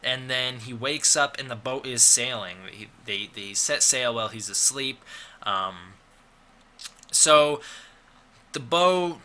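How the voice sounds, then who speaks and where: Man, movie reviewer, very bright tense voice, casual, sarcastic, lots of ums and restarts. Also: medium pitch, unhurried, a little hiss or hum. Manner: rambling and sarcastic, many fillers and restarts. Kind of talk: casual spoken film review.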